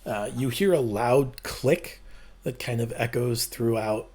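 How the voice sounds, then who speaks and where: Guy running a tabletop game, slow and easy, lots of ums. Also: medium pitch, fairly even intonation, a little mellow. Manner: unhurried, explains rules with fillers. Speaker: game master.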